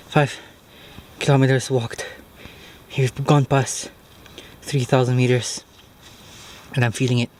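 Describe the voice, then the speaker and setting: A vlogger films his own mountain hike on a handheld camera, narrating in a matter-of-fact way while out of breath as he climbs outdoors. His voice is medium-pitched with a darkish tone, and a little hiss or hum sits under the recording.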